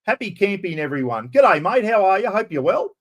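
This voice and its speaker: Australian male streamer, slightly high voice, loud, rambling and salty-mouthed, casual live chat. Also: sing-song, a little fast. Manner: loud, rambling, swears freely.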